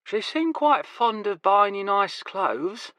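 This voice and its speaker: A man voicing a wry male friend who teases in a slow, dry drawl. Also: sits high, big pitch swings, bright, forceful tone, no echo, pitched above the performer's own voice, full character voice. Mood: teasing.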